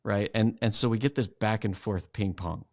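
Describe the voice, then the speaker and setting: A man's voice: on the low side, normal speed, no room sound, clean studio sound. A man guesting on a podcast, explaining ideas in a conversational way and acting out inner voices as he goes. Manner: animated, acts out inner voices while explaining.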